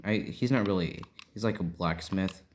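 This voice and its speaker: A man improvising a fan-fiction story out loud, rambling and tagging almost every point with a quick check-in question. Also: low-pitched, slight background noise. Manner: rambling, constantly checking in with "right?".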